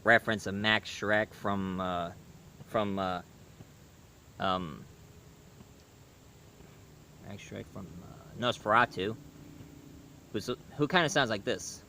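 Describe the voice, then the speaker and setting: A man giving a casual video review, talking haltingly with frequent restarts and self-corrections. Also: fairly low pitch, vocal fry, sharp tone, a little hiss or hum.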